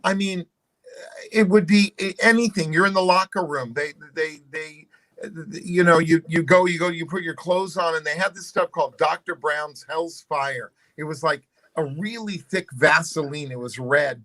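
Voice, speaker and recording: Older man, slightly high, bright sound, lively anecdote-teller on a video call. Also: low-quality recording. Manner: animated, laughing, restarts mid-sentence. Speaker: panel guest, actor. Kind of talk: casual storytelling on a video call.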